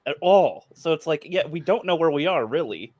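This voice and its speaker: A man's voice: fairly high pitch, animated, moderate pace, darkish tone, no room sound. A man on a comic review panel, explaining his criticism in casual chat.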